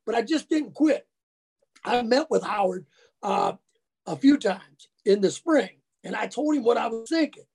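A high-voiced man with a deeply gravelly, rough texture tells stories in a relaxed interview. His husky delivery is folksy and colloquial, the way a former ballplayer talks about the old days. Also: measured pace. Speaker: interview guest, former college football player. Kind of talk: casual storytelling.

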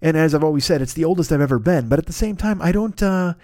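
A man's voice: fairly high pitch, lively intonation, fast, a little mellow, no room sound, clean studio sound. Profane, rambling man hosting a podcast. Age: 50s. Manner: profane, rambling and self-mocking. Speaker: podcast host. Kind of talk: casual solo podcast rant.

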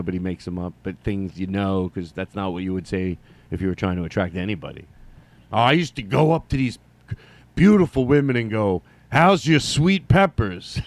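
Rambling comedian with a lively, swinging voice. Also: male voice, fairly low pitch. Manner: loose, joking, swings between loud bursts and mumbles. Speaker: podcast host. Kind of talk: rambling solo comedy podcast.

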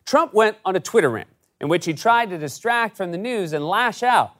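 A man's voice: high voice, lively intonation, normal speed, fairly bright tone. A man hosting a late-night comedic news monologue with a sarcastic, punchy delivery. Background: studio audience laughter.

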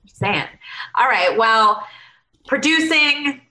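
A woman's voice: fairly high pitch, lively intonation, slow, bright, forceful tone, echoey room, rough recording. A woman interviewer asking long, chatty questions with small fillers.

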